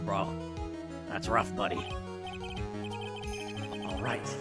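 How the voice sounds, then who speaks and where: A young man streaming a game live, loud and excitable, swearing and bursting into yells. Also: fairly low pitch, extremely slow, vocal fry, long pauses, loud music behind the voice. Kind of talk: live let's-play commentary.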